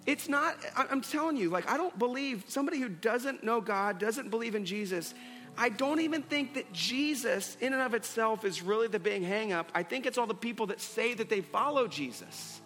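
Earnest high-voiced male pastor preaching. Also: lively intonation, moderate pace, a bit bright. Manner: earnest, repeats phrases for emphasis. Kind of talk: sermon. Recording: hall reverb with faint music.

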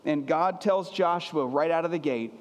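Man, pastor, sermon, earnest and emphatic, repeats phrases, fairly high voice, long hall reverb. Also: moderate pace.

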